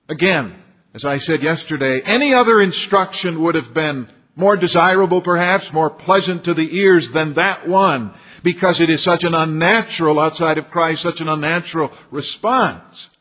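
A man delivers a sermon from the pulpit, his voice sitting somewhat high for a man. He speaks in a measured way and often repeats key phrases to drive them home. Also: fairly bright tone. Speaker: preacher.

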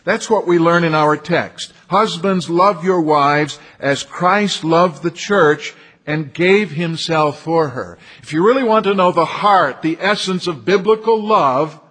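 A man delivers a sermon from the pulpit, his voice sitting somewhat high for a man. He speaks in a measured way and often repeats key phrases to drive them home. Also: fairly bright tone. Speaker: preacher.

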